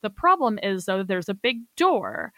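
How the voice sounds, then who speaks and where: A woman's voice: medium pitch, unhurried, no echo. A young woman co-hosting a podcast, animatedly retelling a movie's plot in casual chat. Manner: animated retelling with filler words. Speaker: podcast co-host.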